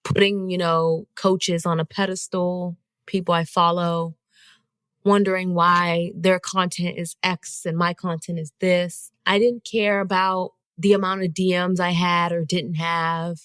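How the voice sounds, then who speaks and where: Woman podcast host, lowish voice, animated chatty storytelling, dry close sound. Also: measured pace, smooth, no room sound. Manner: animated, conversational, addresses listeners directly.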